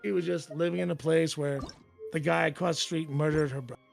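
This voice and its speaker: Male guest, gravelly voice, a bit high, profane rambling anecdotes, faint music under. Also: steady tone, fairly quick. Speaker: tv reporter guest. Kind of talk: casual chat.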